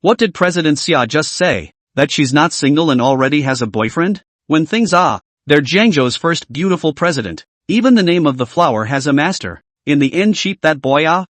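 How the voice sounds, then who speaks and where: A man's voice: on the high side, normal speed, hardly any pauses, no room sound. A man voicing astonished, envious male guests at a banquet. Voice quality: excited, gossiping.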